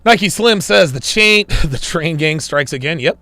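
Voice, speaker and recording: A man hosts a casual live stream, reading viewer comments aloud and replying with crude, joking banter. His voice is a little high, expressive, bright and forceful, delivered at a measured pace in a dry recording.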